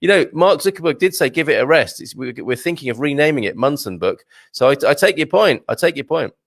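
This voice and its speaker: Chatty man with a lively voice. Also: a little high, a little fast, gravelly, no room sound, clean studio sound. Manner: chatty and jokey, reading out viewer comments. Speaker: host of a morning live stream. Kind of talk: casual live-stream chat. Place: home studio with a green screen.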